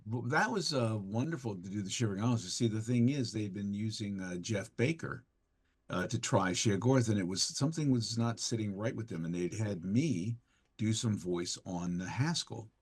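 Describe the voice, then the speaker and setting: A man, a guest voice actor, telling animated, theatrical anecdotes in an interview. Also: fairly low pitch, moderate pace, slightly rough. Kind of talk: interview storytelling.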